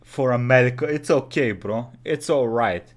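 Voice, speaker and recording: A man's voice: mid-range voice, moderate pace. A man hosting a reaction video, talking bluntly and crudely and calling everyone bro. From Bulgaria. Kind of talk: casual reaction commentary.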